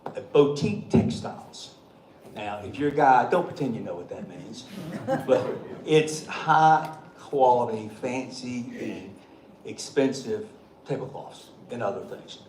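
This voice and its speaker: A man's voice: medium pitch, lively intonation, measured pace, a little mellow. A middle-aged man, a state treasurer telling joking, folksy stories to a meeting. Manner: folksy, joking, chuckling often. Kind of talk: storytelling speech at a meeting. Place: meeting hall. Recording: echoey room, faint background noise.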